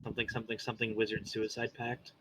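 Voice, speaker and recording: A man playing a tabletop game in casual chat, with joking, quick banter. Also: lowish voice, monotone, background noise. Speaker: player.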